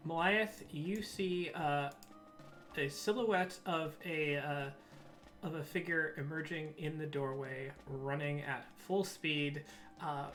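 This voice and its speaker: A man narrating as game master of a tabletop game, pausing often with fillers as he describes the scene. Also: on the high side, steady tone, a bit bright, faint music behind. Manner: hesitant, many fillers.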